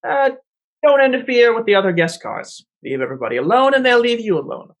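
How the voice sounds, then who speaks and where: A tough train boss who gives short, flat orders and tolerates no trouble, voiced by a man playing her. The voice sits high and swings widely in pitch. It has the sound of a tabletop game master doing a character. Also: fast talker. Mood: blunt. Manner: gruff, blunt orders. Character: tough woman train boss, blunt and no-nonsense.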